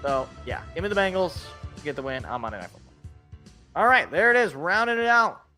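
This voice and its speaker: A man hosting a casual sports talk show, rambling and correcting himself, his voice worn out from yelling. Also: high-pitched, animated, brisk, music in the background. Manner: rambling, self-correcting, laughs at own jokes. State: voice feels worn out. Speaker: sports podcast host.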